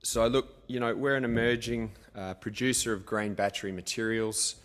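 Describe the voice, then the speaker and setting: A man's voice: on the low side, little pitch movement, moderate pace. A man giving an investor presentation in a conversational way, with frequent "you know". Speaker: company presenter.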